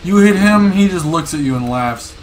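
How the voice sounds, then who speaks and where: A young man streaming a game, excitedly commenting, swearing and repeating words to himself. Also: fairly high pitch, moderate pace, a little hiss or hum. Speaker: gaming streamer. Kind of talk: casual gameplay commentary.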